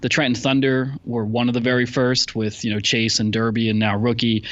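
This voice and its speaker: A man co-hosting a podcast in casual chat, talking haltingly with many fillers and restarts. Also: medium pitch, level tone, fairly bright tone, no echo, lo-fi sound. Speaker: podcast co-host.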